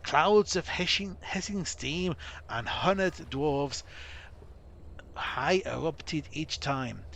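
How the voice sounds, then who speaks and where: A man voicing a weary male dwarf survivor in a rough put-on accent, dramatically retelling a disaster. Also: fairly high pitch, extremely slow, a bit bright, pitched above the performer's own voice, exaggerated voice. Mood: grim.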